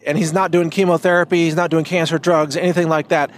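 A man's voice: a little high, flat delivery, quick pace. A man hosting a podcast, talking in a casual monologue that rambles and restarts, with emphatic stresses. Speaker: podcast host.

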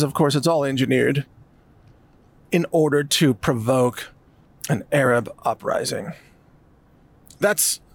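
A man's voice: fairly high pitch, no room sound. A man delivering an emphatic, sarcastic commentary monologue. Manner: emphatic, sarcastic, mocks others in put-on voices. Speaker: political commentator.

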